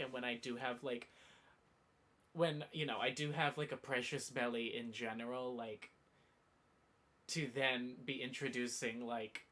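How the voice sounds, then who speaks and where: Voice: medium pitch, fairly bright tone. A livestreamer rambling in casual chat with viewers, playful and full of mock outrage and self-interruptions.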